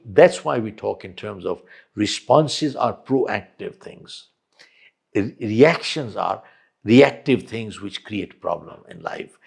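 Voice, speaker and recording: A man's voice: on the low side, vocal fry, darkish tone. An older man, a podcast guest, giving motivational advice with emphatic stories and repeated key lines. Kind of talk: storytelling advice in conversation.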